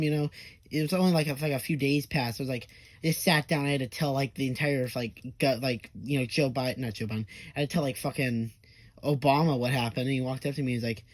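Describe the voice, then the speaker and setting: A man's voice: medium pitch, no echo. A young man telling an absurd comedic story, rambling, with lots of fillers and swearing. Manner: absurd tall tale told half-seriously.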